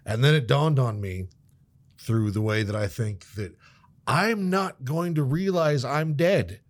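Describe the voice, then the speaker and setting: A man in casual chat, ranting with profanity and sudden loud outbursts. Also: medium pitch, unhurried.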